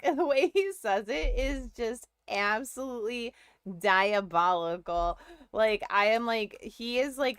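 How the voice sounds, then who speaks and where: Her voice a little high, fairly bright and smooth, this young woman chats casually with viewers while gaming on stream. She rambles, giggles often and talks straight to chat, with no room sound in the recording.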